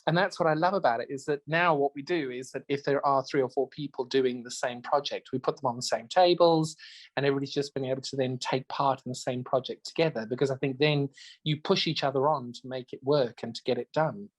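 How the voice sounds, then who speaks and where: A man's voice: mid-range voice, steady tone, a little fast. A man in casual podcast chat, playful and full of anecdotes, co-hosting a show about quilting retreats. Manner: chatty, playful, tells anecdotes.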